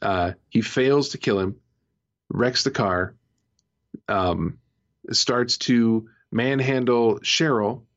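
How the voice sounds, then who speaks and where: This man, co-hosting a podcast, gives a loose, rambling take on a TV episode, packed with fillers and restarts. Medium-pitched and slow, he pauses often, and the audio is muffled and lo-fi.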